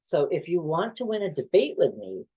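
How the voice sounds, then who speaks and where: Halting, husky-voiced man. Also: a little high, very animated, mellow, poor audio. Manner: halting, defensive, trails off. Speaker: mental health professional, guest. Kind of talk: tense conversation.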